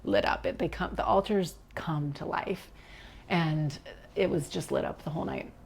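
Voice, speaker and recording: A middle-aged woman with a low, gravelly voice shares a personal story as a podcast guest. She tells it in an animated way, acts out what others said, and sometimes drops into a whisper. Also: normal speed.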